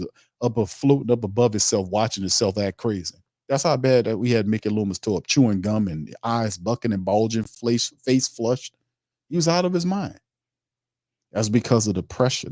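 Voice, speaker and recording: A man's voice: on the low side, a little mellow, no echo, clean studio sound. A man hosting a sports talk stream, reading chat comments and ranting emphatically in informal, streetwise speech. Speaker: sports show host.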